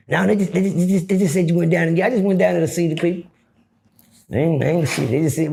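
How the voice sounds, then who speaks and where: A middle-aged man telling a story casually, profane and animated, acting out the dialogue. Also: high-pitched, very fast, vocal fry. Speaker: guest storyteller.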